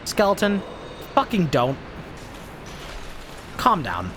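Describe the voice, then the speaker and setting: A man streams a video game and rants at the enemies in his way, cursing constantly and sounding fed up. His pitch sits a little high and swings widely as he vents. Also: wildly swooping pitch, slow pace, fairly bright tone, slight background noise. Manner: profane, exasperated, ranting at enemies. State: frustrated. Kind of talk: live gameplay commentary.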